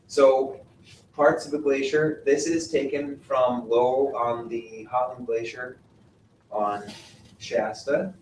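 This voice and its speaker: A man's voice: medium pitch, fairly even intonation, slow, darkish tone. A man giving a classroom lecture on glaciers, quizzing the class and explaining patiently. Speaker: mountaineering instructor. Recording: roomy, distant mic with faint noise.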